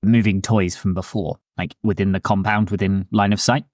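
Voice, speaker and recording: A man's voice: sits low, steady tone, normal speed, a little mellow, no echo, clean studio sound. A man playing a tabletop game who talks in a hesitant, self-deprecating way. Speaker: player.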